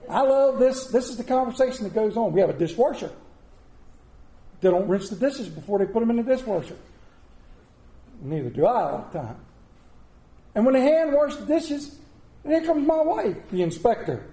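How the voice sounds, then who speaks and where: Animated high-voiced preacher man. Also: moderate pace, pauses often, roomy sound. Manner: animated preaching with comic asides. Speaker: pastor. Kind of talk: sermon. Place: church sanctuary.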